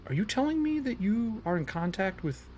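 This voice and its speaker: A man voicing a wary woman companion who speaks low and confidingly in a tabletop game. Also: very animated, brisk, darkish tone, slight background noise, close to an everyday voice.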